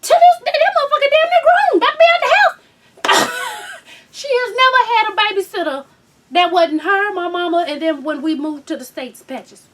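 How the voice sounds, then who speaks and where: A woman hosts a candid chat in a high, wildly swinging voice. She talks bluntly and with profanity, jumping from loud outbursts to hushed asides. She sits a little back from the mic. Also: big pitch swings, moderate pace, recorded from a distance, slight background noise. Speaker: host.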